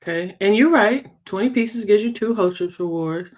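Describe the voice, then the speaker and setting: A woman leading her sales team's meeting in a casual livestream, chatty and teasing as she works through sums out loud. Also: mid-range voice, moderate pace. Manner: chatty, teasing, thinks aloud while working sums. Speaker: sales team leader.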